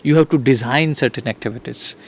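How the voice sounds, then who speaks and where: A man with an Indian English accent giving an online lecture to teachers, pausing often with fillers and restarting his sentences. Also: medium pitch. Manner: hesitant, many fillers and restarts. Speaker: teacher educator.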